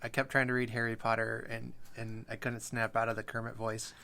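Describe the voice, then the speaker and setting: An easygoing male podcast host who talks in a relaxed, chatty way, pausing now and then on small fillers. His voice sits at an ordinary middle pitch for a man. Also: creaky. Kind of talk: casual chat and show announcements.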